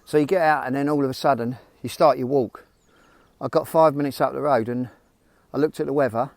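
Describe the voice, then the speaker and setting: Male self-help vlogger, mid-pitched, informal and rambling, dry close sound. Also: brisk, a little mellow, no room sound. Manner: rambling, informal, frank, addresses viewers directly. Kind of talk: casual motivational talk to camera.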